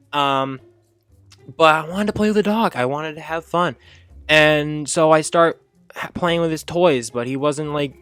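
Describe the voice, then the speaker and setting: A storyteller host casually recounts a funny story from his childhood, rambling with filler words and correcting himself. His voice jumps up high when he acts out his younger self, and the sound is a bit bright with no echo.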